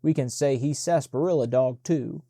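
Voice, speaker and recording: A man voicing a young servant boy who speaks in Southern dialect, loud and urgent, shushing and giggling tipsily. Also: medium pitch, moderate pace, no room sound, studio quality, natural voice. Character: young Black servant boy, giddy and tipsy.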